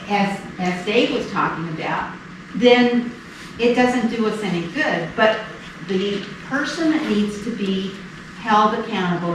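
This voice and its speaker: A woman candidate giving an earnest campaign speech at a meeting, halting with fillers now and then. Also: medium pitch. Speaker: political candidate. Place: meeting room. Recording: echoey room, distant mic, noisy.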